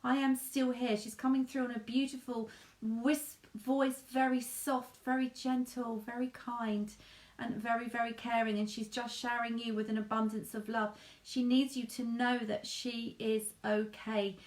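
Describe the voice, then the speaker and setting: A woman with a high voice gives a live psychic reading in a soft, halting way. She keeps calling the listener darling and my love. Her voice rings a little in an echoey room. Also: level tone. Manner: soft, halting, addresses sitter with endearments. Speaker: medium.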